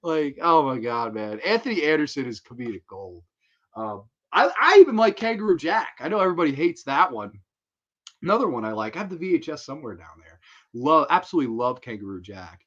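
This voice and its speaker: A man chats casually on his own livestream, easily excited and quick to laugh. His talk is loose and full of swearing, pitched a little high for a man. The recording sounds slightly muffled and lo-fi. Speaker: livestream host.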